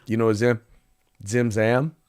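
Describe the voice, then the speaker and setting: Man, podcast host, casual political commentary, halting delivery, many fillers. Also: medium pitch, flat delivery, darkish tone, smooth. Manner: reads sponsor spots.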